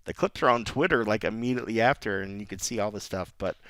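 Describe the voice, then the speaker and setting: A man's voice: lowish voice, quick pace, fairly bright tone, no room sound. A man co-hosting a podcast, talking casually in rambling sentences and laughing often. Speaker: podcast co-host. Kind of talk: casual chat.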